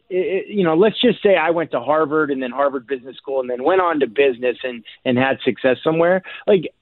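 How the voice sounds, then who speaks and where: A man calls in to a radio show over a thin, phone-like line, the sound close and dry. He walks through plays step by step with real energy, chuckling between points. His voice sits at an ordinary middle pitch. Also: no room sound. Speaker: former player turned football analyst, radio guest. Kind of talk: casual radio interview analysis. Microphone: phone call.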